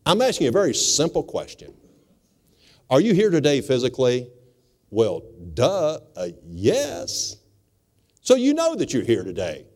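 A male pastor preaching an emphatic sermon in a church, stressing words with dramatic pauses. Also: fairly high pitch, huge pitch swings, a little mellow. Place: church sanctuary, also broadcast by radio.

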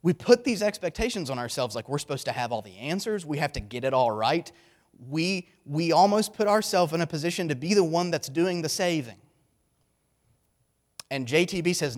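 A man's voice: medium pitch, animated, normal speed. A man preaching a sermon, earnest and emphatic, often repeating key words for weight.

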